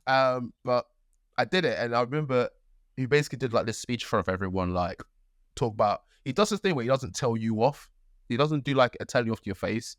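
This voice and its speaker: A young man co-hosting a podcast, telling a story in a lively way with acted-out quotes. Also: medium pitch, a little fast, dry recording, studio quality. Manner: animated storytelling, acts out quotes. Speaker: podcast co-host. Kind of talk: casual chat.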